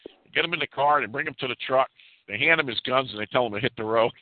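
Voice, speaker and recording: A man telling a story in casual talk, animated and stumbling over repeated words as he acts out the people in it. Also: medium pitch, fast talker, no room sound. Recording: dry tinny phone-line sound.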